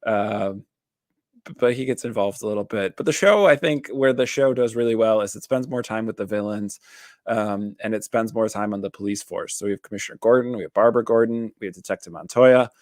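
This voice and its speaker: A man's voice: on the low side, brisk, a little mellow, no room sound, clean studio sound. A man, a therapist, chatting casually as he reviews a TV series, rambling with lots of fillers and self-corrections.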